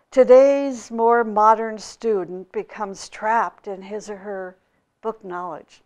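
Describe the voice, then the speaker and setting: Woman, spiritual teacher, storytelling talk, slow and measured, mid-pitched. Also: a little mellow.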